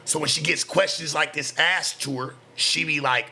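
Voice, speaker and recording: West coast guy streaming, ranting hard and cursing, bright edgy voice, bit of hiss behind. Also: a little high, vocal fry. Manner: profane, heated, rapid-fire ranting. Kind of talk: heated reaction-stream commentary.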